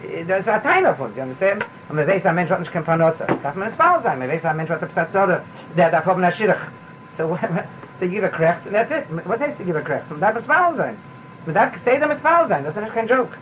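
A man's voice: high-pitched, big pitch swings, brisk, background noise. A man giving a sermon as a rabbi, repeating words and mixing in Yiddish phrases. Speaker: rabbi giving a Torah talk.

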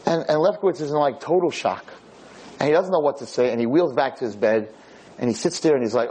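A man's voice: medium pitch, fast, a little mellow, breathy edge, rough recording. A man lecturing, telling a story in a casual, conversational way.

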